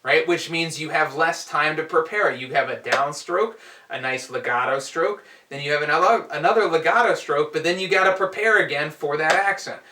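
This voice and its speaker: A man teaching a drum lesson, explaining strokes in a relaxed way and counting aloud as he demonstrates. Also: a little high, moderate pace, background noise. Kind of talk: instructional explanation. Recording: echoey room, heard from a distance.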